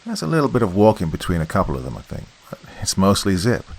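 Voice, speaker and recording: A man doing a brash young woman in a horror story, full of know-it-all confidence and quick to tease her friends. Her voice stays low and deep. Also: big pitch swings, creaky, slightly rough, heavily acted. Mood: explaining.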